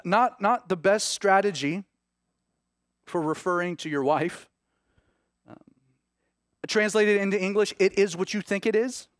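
A man preaching a sermon, reading scripture aloud and then commenting on it with rising, animated emphasis. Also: sits high, no echo, clean studio sound. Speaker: pastor. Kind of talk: sermon, Bible teaching.

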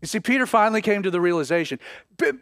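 A male pastor preaching a sermon, acting out scripture scenes with swings between loud intensity and hushed moments. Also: sits high, expressive, very fast, clear, resonant tone, no room sound, studio quality. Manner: dramatic preaching, voices scripture figures with rising intensity.

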